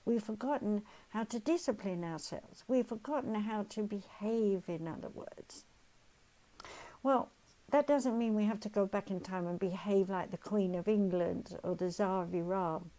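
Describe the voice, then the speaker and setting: A woman's voice: mid-range voice, moderate pace, dark tone, low-quality recording. An older woman hosting a holistic wellness talk, telling stories and acting out the voices of people she quotes. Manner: storytelling, acts out quoted voices. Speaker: host.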